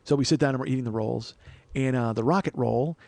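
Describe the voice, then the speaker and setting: Fast-talking, ranting comedian host. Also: male voice, medium pitch, vocal fry, dry recording. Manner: profane, ranting, animated storyteller. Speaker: podcast host. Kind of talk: comedic storytelling monologue.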